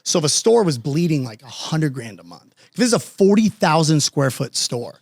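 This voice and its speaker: A man's voice: on the high side, big pitch swings, moderate pace, a little mellow, no room sound. A man telling a story as a podcast guest, casual and slangy, acting out both sides of conversations.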